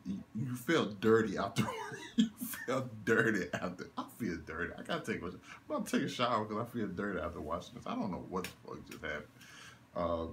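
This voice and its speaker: Animated laughing young man reviewing a movie. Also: sits low, slight background noise. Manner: animated, laughing, incredulous rants with swearing. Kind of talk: casual one-take movie review.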